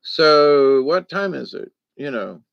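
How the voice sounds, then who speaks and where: A man's voice: fairly high pitch, big pitch swings, takes it slowly, gravelly, dry recording, dull audio. A man talking in a casual, rambling monologue, folksy and digressive, with lots of fillers. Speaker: vlogger.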